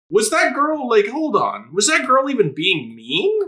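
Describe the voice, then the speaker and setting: A man's voice: extremely high pitch, huge pitch swings, unhurried, sharp tone. A man hosting an anime reaction video, chatting casually, laughing often, swearing and acting out characters' lines. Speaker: anime reaction channel host.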